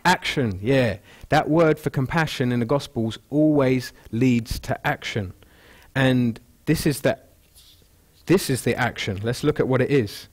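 In a church hall, an English pastor preaches an expository sermon over a wireless mic played through the speakers, in a medium-pitched voice at a moderate pace with few pauses. His style is conversational, and he acts out people's thoughts in quotes.

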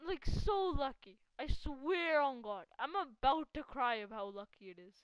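High, lively woman gaming. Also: moderate pace, hardly any pauses, smooth, no echo. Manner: excitable, laughs often, teasing a teammate. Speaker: gaming channel host. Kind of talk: casual live gameplay commentary.

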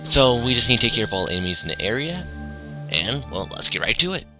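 A man talking through his game session in a relaxed, rambling way. His voice rises and falls quite a lot, and steady game music runs behind him. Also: medium pitch, fast talker. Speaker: let's play narrator. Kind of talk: casual gameplay commentary.

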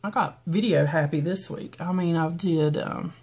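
A beauty vlogger speaks at normal speed in a lowish, darkish, slightly rough voice, carrying a toned-down Southern accent from the North Carolina foothills, where she's from in the western part of the state. Her get-ready-with-me chat is casual and rambling, full of ums and restarts.

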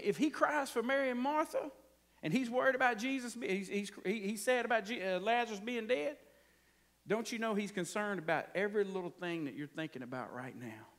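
A pastor with a high, somewhat bright voice delivers a folksy, conversational sermon, frequently checking in with his congregation.

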